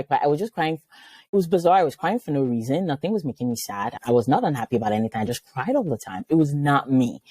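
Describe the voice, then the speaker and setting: A middle-aged woman from Nigeria, a psychiatrist speaking as a guest in an interview, telling personal stories in a lively way and acting out the voices she quotes. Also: deep voice, dry recording. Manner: animated, storytelling, acts out quoted voices. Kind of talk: conversational interview.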